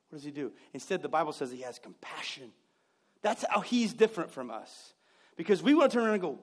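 A man's voice: high voice, very animated, fairly quick, a little mellow, husky. A man preaching a sermon, telling stories with mimicked voices and joking, sarcastic asides. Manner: jokey, sarcastic humor. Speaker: pastor.

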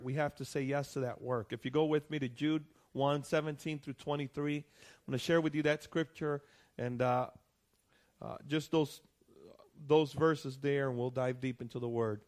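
A man's voice: on the high side, steady tone, moderate pace, a little mellow. Man preaching a conversational sermon. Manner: conversational preaching with frequent "right?" and restarts, rising to emphatic peaks. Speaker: pastor.

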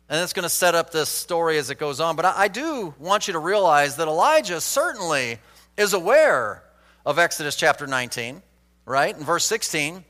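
A man preaching an expository Bible sermon, acting out quoted lines with sweeping changes in pitch and loudness. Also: expressive, moderate pace, big-room sound. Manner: dramatic, acts out quoted lines with big swings in pitch and volume.

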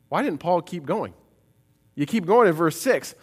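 A man preaching a sermon in a church, reading scripture aloud with expressive, conversational asides. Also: on the high side, normal speed.

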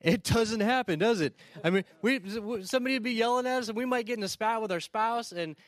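High-pitched guy preaching, dry close mic, lots of quick asides and restarts. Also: dry recording. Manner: storytelling, conversational with quick asides and repeated starts. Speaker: pastor. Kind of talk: sermon.

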